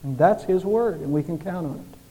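High-pitched male pastor preaching in a hall. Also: fairly quick, mellow, slightly rough. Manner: earnest preaching with rising and falling intensity, rhetorical questions. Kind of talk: sermon. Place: church sanctuary. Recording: church hall with long reverb.

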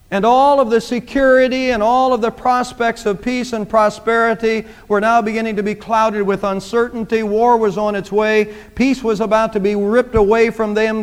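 A man's voice: high-pitched, clean tone. A man preaching a sermon, speaking emphatically and repeating phrases for emphasis. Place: church sanctuary. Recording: long church reverb.

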